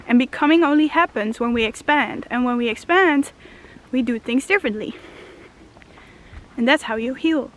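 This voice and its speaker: A woman's voice: high voice, a little hiss or hum. A young woman talking casually while walking outdoors, a bit out of breath, rambling and dreamy, often laughing and stopping to marvel at what she sees. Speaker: spiritual vlogger. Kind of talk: casual walking vlog monologue. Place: outdoors in a forest.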